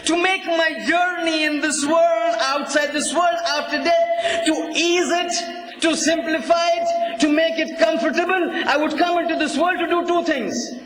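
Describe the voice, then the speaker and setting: A man's voice: extremely high pitch, steady tone, unhurried, fairly bright tone. A man preaching, speaking the words of a holy mother to her son in an earnest, emphatic way, recorded in an echoey hall. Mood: grave. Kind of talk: quoted speech within a sermon.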